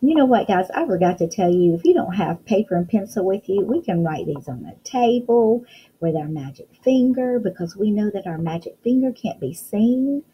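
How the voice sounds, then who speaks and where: A woman's voice: medium pitch, expressive, moderate pace, lo-fi sound, a little hiss or hum. A woman teaching a phonics lesson to young children, encouraging them and sounding out letters one at a time.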